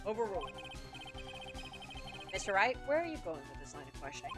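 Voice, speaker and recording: A woman's voice: mid-range voice, big pitch swings, fairly quick, natural voice. A woman voicing a stern, bumbling older male judge from a courtroom game. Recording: game music underneath.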